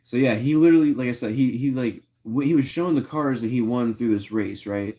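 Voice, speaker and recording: A man's voice: mid-range voice, a little fast, dark tone. Laid-back slangy man livestreaming. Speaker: live streamer. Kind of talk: casual livestream chat.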